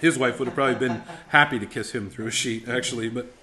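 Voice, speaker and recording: A man's voice: mid-range voice, steady tone, quick pace, pushed and bright. A middle-aged man teaching a ministry school class on preaching, emphatic and intense, often repeating words as he restarts sentences. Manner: intense, emphatic, rising to fervent exhortation; frequent word repetitions and restarts.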